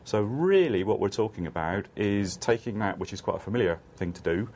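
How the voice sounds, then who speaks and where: A man's voice: fairly low pitch, expressive, brisk, a little mellow, slight background noise. A man speaking as an analyst on a panel, hesitant with frequent restarts. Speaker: analyst guest. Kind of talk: panel discussion.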